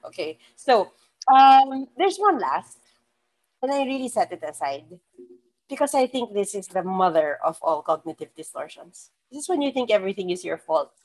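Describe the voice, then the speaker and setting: Woman, Filipino accent, psychologist, casual explanatory talk, medium pitch, animated, acts out quotes. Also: moderate pace, rough recording. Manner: lively, switches between English and Tagalog, acts out quoted thoughts in a higher voice. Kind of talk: casual talk on mental health.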